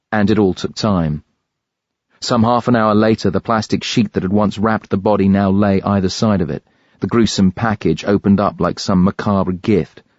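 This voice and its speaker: A man narrating an audiobook thriller in a measured, grave read. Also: lowish voice, darkish tone, no echo, muffled recording. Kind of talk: scripted narration.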